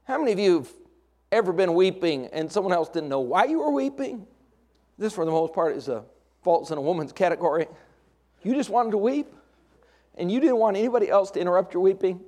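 A middle-aged male pastor with a voice on the high side preaches a sermon, shifting between hushed, intimate lines and raised, emphatic points, with folksy, humorous asides.

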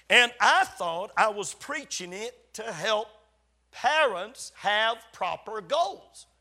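Older guy pastor preaching, really high bright voice, acts out the dialogue in his stories. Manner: storytelling, acts out quoted dialogue with emphatic repetition. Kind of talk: sermon.

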